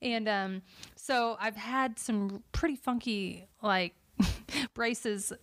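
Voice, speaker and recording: A woman's voice: mid-range voice, extremely slow, a bit bright. A woman co-hosting a podcast, telling stories in casual chat while wearing braces and rubber bands. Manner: chatty storyteller, laughs often. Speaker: podcast co-host.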